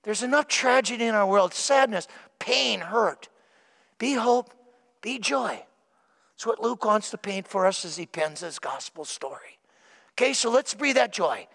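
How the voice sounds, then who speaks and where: A man's voice: sits high, lively intonation, a little slow, vocal fry, fairly bright tone. A man preaching a sermon to his congregation, emphatic, repeating key words and putting questions to the listeners. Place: church. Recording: church hall with long reverb.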